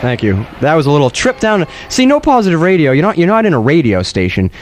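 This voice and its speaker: Male radio host, lively swooping pitch, fairly high, playful rambling banter. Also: quick pace, slight background noise. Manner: rambling, playful, mock-dramatic.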